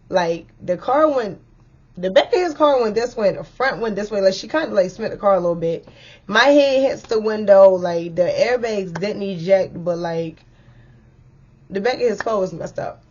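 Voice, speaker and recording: A young woman tells a story to her viewers in a loose, chatty way, full of fillers and lively asides. Her voice sits at a middling pitch for a woman. The recording is a bit dull and lo-fi. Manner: chatty and animated, filler-heavy, lively retelling. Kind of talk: casual storytime vlog.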